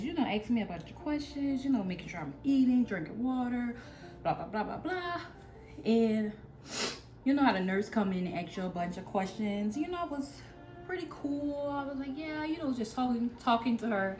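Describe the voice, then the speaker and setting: A woman's voice: mid-range voice, a little mellow, poor audio. A young woman, a new mother, candidly telling her own story to camera in a rambling, casual way full of "like"s and "y'all"s.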